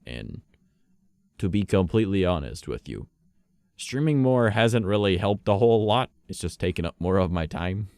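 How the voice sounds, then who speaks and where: A man's voice: low voice, lively intonation, moderate pace, darkish tone, no room sound. A man streaming live, chatting casually with viewers in a rambling way, swearing and laughing often.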